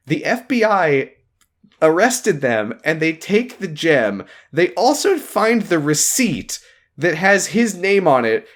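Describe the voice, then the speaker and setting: A man co-hosting a casual movie podcast, talking in an animated, incredulous way and swearing freely. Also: a little high. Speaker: podcast co-host.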